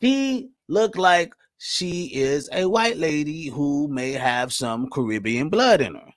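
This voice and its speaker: A man's voice: on the high side, expressive, slow, no room sound, clean studio sound. Fired-up man ranting on a podcast. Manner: profane, fired-up, rhetorical questions; frequent "right?" and "you know what I mean?". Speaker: podcast host. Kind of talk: heated monologue rant.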